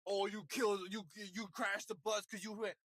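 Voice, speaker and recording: A man's voice: high-pitched, moderate pace, breathy edge, dry recording. A young man co-hosting a casual podcast chat, swearing freely and acting out quotes in silly voices. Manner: animated, swearing, acts out quotes in funny voices. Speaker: podcast co-host.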